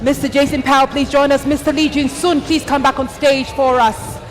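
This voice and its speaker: A woman emceeing a live awards ceremony on stage, hyping the crowd with energetic, shouted announcements. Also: high-pitched, moderate pace. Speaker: event emcee. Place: stage of a large live event.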